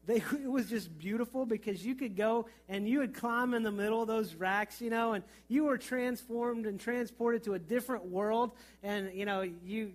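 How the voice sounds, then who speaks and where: A middle-aged man, a pastor, preaching a sermon and telling funny childhood stories. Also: high-pitched. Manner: storytelling with humor and vivid childhood anecdotes.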